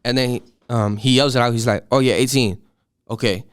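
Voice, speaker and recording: 18 yo guy spinning a wild story, smooth voice, super dry sound, does all the voices. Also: medium pitch, a little fast, no echo. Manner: animated, profane, acts out voices in his story. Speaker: podcast guest. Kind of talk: casual storytelling.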